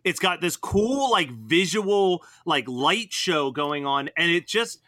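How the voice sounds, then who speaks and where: A man hosting a casual podcast, retelling film scenes in an animated way and laughing often. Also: a little high, slow, dry recording. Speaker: podcast host. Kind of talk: casual movie discussion.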